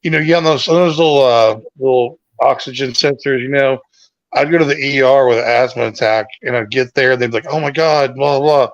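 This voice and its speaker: Here a male co-host of a laid-back livestream speaks briskly in a mid-range voice with fairly even intonation. His storytelling wanders and stalls, often starting over. There's no room sound, and the lo-fi mic makes it dry and dull.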